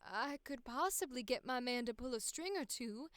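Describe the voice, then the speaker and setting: A woman performing a wealthy alien slime woman who seems innocent and desperate but may be scheming. She speaks in a soft, invented drawl that is almost Southern, in a smooth, clear tone with a slightly high pitch. The sound is dry and close. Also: lively intonation, normal speed, dry recording. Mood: urgent. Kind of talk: voice acting audition.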